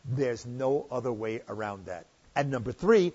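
An older man preaching a sermon with a slightly husky voice, stressing key points with rising emphasis and slowing down. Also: medium pitch, expressive, dull audio. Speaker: pastor.

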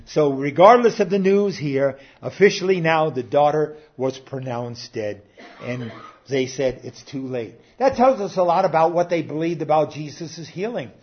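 Older male preacher, fairly high-pitched, emphatic delivery that swings soft to loud; muffled lo-fi sound. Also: animated, normal speed. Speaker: pastor. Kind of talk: sermon. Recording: dull lo-fi sound.

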